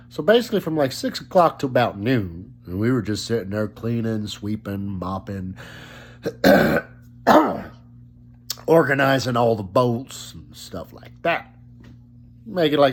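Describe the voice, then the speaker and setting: A man's voice: mid-range voice, normal speed. A young man telling a rambling, profane story about being sick, recorded at home while he is still coughing a little. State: still coughing after illness. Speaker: vlogger. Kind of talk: casual storytelling vlog. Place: at home on his sofa.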